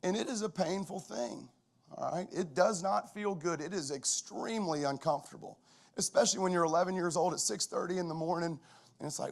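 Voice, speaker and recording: A middle-aged man, a football coach, giving a conversational storytelling talk at a chapel, lively and full of restarts. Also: on the high side, fairly quick, gravelly.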